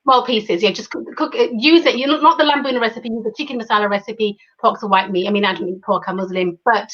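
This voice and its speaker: A woman guest giving quick, helpful cooking advice in casual chat. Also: on the high side, fairly bright tone, lo-fi sound. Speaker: guest cook.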